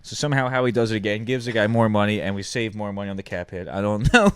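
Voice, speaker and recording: A young man co-hosting a podcast, talking football in a quick, easygoing way with fillers. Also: on the low side, clean tone, no echo, studio quality. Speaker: podcast co-host. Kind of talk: casual sports chat.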